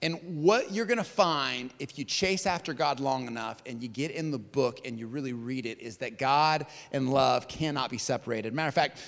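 A man preaching a sermon in a large church hall, telling stories with big swings in loudness and pitch. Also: moderate pace, vocal fry, few pauses. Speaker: pastor. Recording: long hall reverb.

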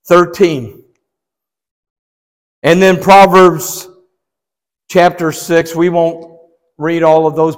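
A man's voice: on the high side, long reverb tail. A man preaching a sermon as pastor, swinging his emphasis up and down and putting rhetorical questions to the congregation.

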